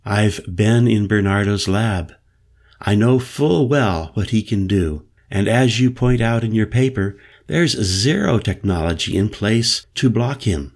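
An earnest, determined Mayan shaman woman, voiced by a male audiobook narrator. She speaks slowly and insistently in a lowish register. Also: animated. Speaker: spiritual guide.

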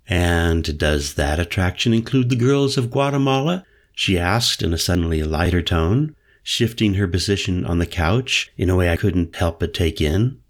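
Slow, low-voiced male storyteller. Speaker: audiobook narrator. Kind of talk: first-person scripted narration.

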